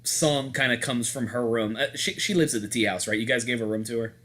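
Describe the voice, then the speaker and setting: A young man narrating as game master, casual and joking with many halting restarts. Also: mid-range voice, fairly even intonation, fairly bright tone.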